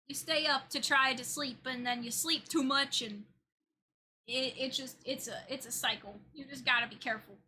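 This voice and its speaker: A woman's voice: high voice, sharp tone. A woman streaming a game, chatting casually with her viewers and laughing easily. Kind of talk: casual gameplay chat.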